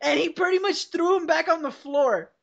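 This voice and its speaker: A woman's voice: extremely high pitch, normal speed, gravelly. A young woman hosting a podcast, telling a story in a rambling, profane way and laughing along. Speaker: podcast host. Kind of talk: casual storytelling over a call. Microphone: computer call mic. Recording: dull lo-fi call audio.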